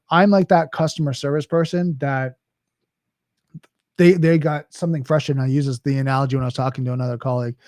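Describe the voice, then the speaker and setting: Middle-aged male host, casual solo Q&A delivery, mellow slightly high voice, dry close mic. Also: no echo. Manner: conversational with frequent restarts and "right?". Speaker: cybersecurity host. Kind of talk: solo Q&A talk.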